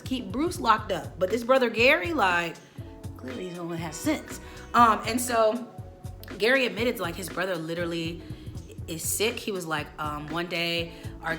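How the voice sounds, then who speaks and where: Brief: late-twenties female vlogger, opinionated and animated, light music underneath. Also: mid-range voice, fairly quick. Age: late 20s. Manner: animated, opinionated, quotes people in put-on voices. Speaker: host. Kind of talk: casual video commentary.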